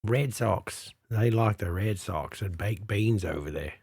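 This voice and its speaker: A man co-hosting a podcast in a casual chat, teasing with a deadpan delivery and wordplay. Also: fairly low pitch, unhurried, creaky, breathy edge, no room sound, studio quality. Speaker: podcast co-host.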